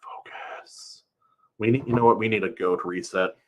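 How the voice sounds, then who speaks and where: A man's voice: on the low side, steady tone, fast talker. A man reading a novel aloud on a live stream and chatting casually with viewers, laughing often.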